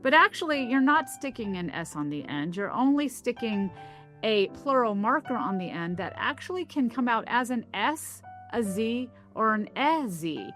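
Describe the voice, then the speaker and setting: A woman from the American South who is a linguist, telling stories and explaining ideas in a thoughtful, lightly animated interview. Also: a little high, normal speed, faint music behind. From American South (Tennessee). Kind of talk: reflective interview storytelling.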